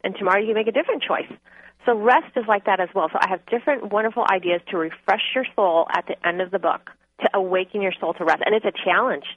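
A woman's voice: mid-range voice, fast. A woman guest author telling her own story earnestly and candidly in a phone interview. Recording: tinny phone line.

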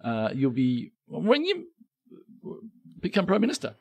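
A man's voice: a little high, wildly swooping pitch, measured pace, gravelly, slightly rough, no room sound. An Australian man co-hosting a podcast, telling rambling, self-deprecating stories in casual comedic chat with lots of restarts. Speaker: podcast co-host.

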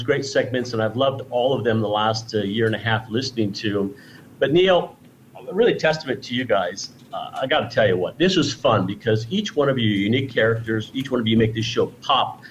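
A man's voice: medium pitch, a little hiss or hum, poor audio. A man, a guest on a radio show, chatting casually and effusively, rambling with restarts and praise. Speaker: guest presenting T-shirts.

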